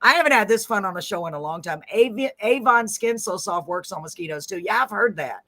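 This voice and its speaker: Bright-voiced chatty hostess. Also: female voice, mid-range voice, brisk. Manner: chatty, laughing, animated. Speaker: podcast host. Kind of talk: casual live interview chat.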